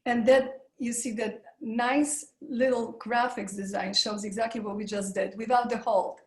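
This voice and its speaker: A woman presenting a live webinar on a video call, guiding listeners through breathing and voice warm-up exercises in an encouraging way. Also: a little high, fairly even intonation, a little slow, reverberant, rough recording. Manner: encouraging, leads breathing and vocal warm-ups.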